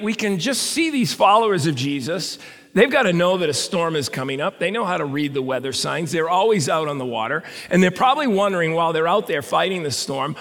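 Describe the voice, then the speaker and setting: A man's voice: on the high side, animated, a little fast, a bit bright. A male pastor preaching a sermon in a conversational way with stammered restarts, recorded in a reverberant hall.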